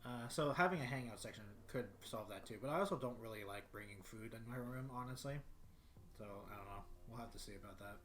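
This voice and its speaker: A man's voice: mid-range voice, fast talker, fairly bright tone, a little hiss or hum. A young man streaming from his bedroom, chatting casually and rambling with lots of fillers and restarts. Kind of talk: casual solo livestream chat.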